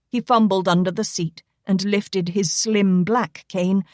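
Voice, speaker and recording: A woman narrating a romance novel in a steady, even storytelling read. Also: on the low side, no room sound, clean studio sound. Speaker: audiobook narrator.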